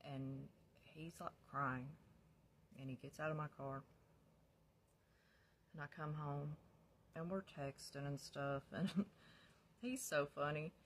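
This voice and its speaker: A woman's voice: low-pitched, steady tone, takes it slowly, long pauses, a little hiss or hum. A woman casually telling her own life story, candid and blunt, swearing freely and laughing often. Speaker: vlogger sharing her recovery story.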